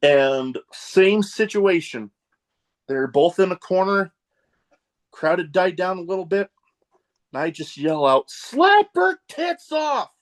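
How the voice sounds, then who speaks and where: A man hosting a casual podcast chat, telling animated stories and laughing at his own jokes. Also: on the high side, takes it slowly, long pauses. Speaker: podcast host.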